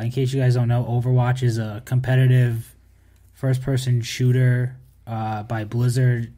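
A man with a warm, relaxed voice co-hosts a casual podcast. He explains topics at length, dropping fillers and the odd dry joke. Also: mid-range voice. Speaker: podcast co-host.

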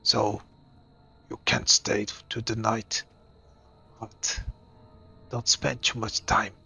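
A man's voice: fairly low pitch, level tone, slow, gravelly, pushed and bright, husky, faint music behind, heavily acted. A man voicing a big, territorial ogre who speaks bluntly and tries to intimidate. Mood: grudging.

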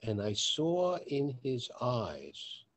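A man's voice: medium pitch, drawn-out words. A man hosting a podcast, telling a story with lots of swearing and acting out both sides of the conversation. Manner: animated, acts out quoted dialogue in a raised voice; swears casually. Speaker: podcast host.

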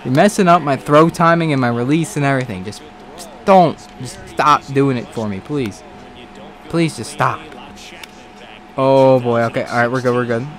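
A man giving casual let's-play commentary on a baseball video game, excitable, swearing and talking back to the game. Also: medium pitch, normal speed, faint music behind. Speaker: gaming commentator.

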